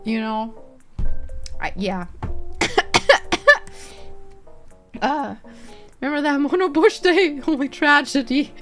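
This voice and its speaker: A woman in a casual live-stream chat, high-pitched and bouncing all over her range. She talks unhurriedly, breaks into giggles often, and swears freely, with faint music underneath. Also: lively intonation, slow, long pauses.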